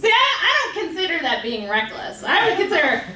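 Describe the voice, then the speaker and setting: A woman's voice: very high-pitched, sing-song, moderate pace, bright, forceful tone, distant mic. A young woman doing a stand-up comedy set in a club, talking conversationally with self-deprecating asides. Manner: conversational, self-deprecating, laughing through punchlines. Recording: roomy club audio with audience noise.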